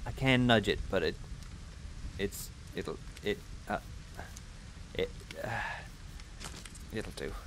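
A man hosting a gaming video, giving playful, self-mocking let's-play commentary that breaks into loud excited yelps. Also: lowish voice, slow, pauses often, background noise. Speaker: gaming channel host.

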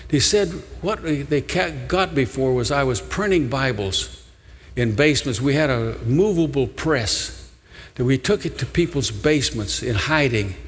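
A man's voice: mid-range voice, expressive, unhurried. An older man preaching a sermon as pastor, telling a story in an earnest manner and pleading with his listeners. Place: large church sanctuary. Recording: long church hall reverb.

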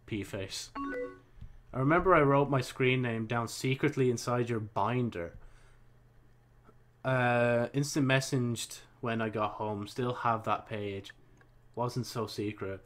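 A man's voice: mid-range voice, steady tone, takes it slowly. A young man hosting a let's play, casually reading chat messages aloud and commenting as he types, swearing now and then. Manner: casual, mumbling, swears freely, reads and types as he talks. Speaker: gaming channel host.

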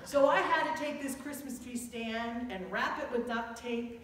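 A woman's voice: a little high, fairly bright tone, a little hiss or hum. A woman pastor preaching a sermon, telling stories with humor and leaning into phrases. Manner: storytelling with humor, drawn-out emphatic phrases. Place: church sanctuary. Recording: echoey church heard from a distance.

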